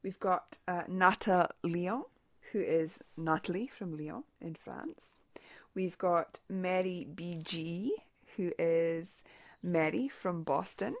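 A woman's voice: on the low side, takes it slowly, no echo. A woman with a mild Shetland Scottish accent hosting a knitting podcast in a chatty, rambling way. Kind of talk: casual solo podcast.

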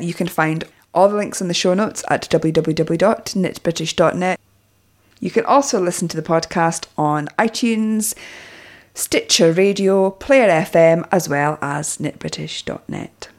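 A woman's voice: deep voice, vocal fry. A woman with a Scottish accent hosting a podcast, cheerfully chatting and greeting listeners by name, laughing often. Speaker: podcast host. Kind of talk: casual podcast chat with listener shout-outs.

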